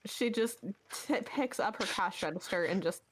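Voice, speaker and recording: A woman running a tabletop game as game master, narrating in a quick, animated way. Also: medium pitch, husky.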